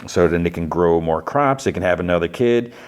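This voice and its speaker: A man hosts a podcast and casually recaps a TV episode, rambling with heavy fillers and restarts and briefly acting out characters' lines. His deep voice moves briskly with lively intonation.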